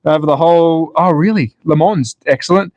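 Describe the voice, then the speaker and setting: A slot car channel host livestreams from home, chatting casually as he builds a track and reads the chat aloud in a self-deprecating way. His voice sits on the high side with a darkish tone and a fairly quick pace. The recording is dry, and the highs are cut off.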